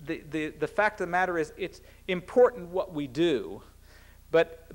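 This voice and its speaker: A middle-aged American man, a cabinet secretary, giving a formal public speech in an earnest, measured way with a few restarts. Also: a little high. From United States.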